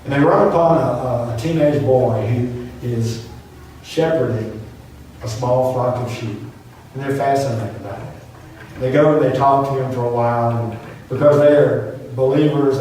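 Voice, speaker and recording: A man's voice: medium pitch, steady tone, a little slow, warm tone, a little hiss or hum. A man preaching a sermon, telling a story with earnest, repeated emphatic phrases. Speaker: pastor. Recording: very echoey room from far off.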